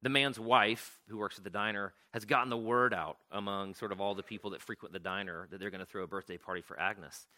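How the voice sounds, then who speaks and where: Chatty man telling a story, bright voice. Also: lowish voice, fairly even intonation, fast, few pauses. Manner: loose and chatty, many fillers and restarts. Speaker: speaker retelling a story. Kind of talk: conversational storytelling talk.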